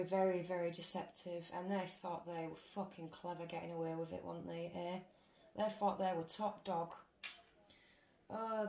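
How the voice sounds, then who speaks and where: A woman with a lowish, gravelly, somewhat dark voice gives her viewers a casual tarot reading. She's chatty and blunt and swears freely throughout. The room is echoey, with faint background noise.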